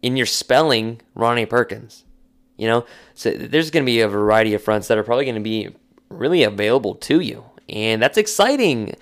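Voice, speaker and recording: A man co-hosting a casual sports podcast, talking in a slangy, animated way and acting out quotes. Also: mid-range voice, fairly quick. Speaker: podcast co-host.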